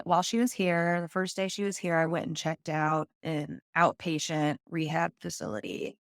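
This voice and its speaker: A woman's voice: lowish voice, no echo, clean studio sound. A woman guest on a podcast, telling her personal story in a candid, earnest way.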